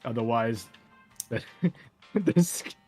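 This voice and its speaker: A solemn paladin judge, as a player puts him on, hushed and grave as he pronounces fate. His pitch sits in a plain middle range. Faint music runs behind this tabletop game. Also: takes it slowly, lightly acted. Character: solemn male paladin judging with scales.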